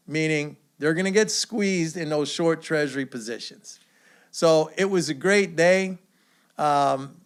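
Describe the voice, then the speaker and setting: Man, economics commentator, confident lecturing tone, slightly high pitch, smooth resonant voice. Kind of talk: market commentary video. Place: away from usual studio.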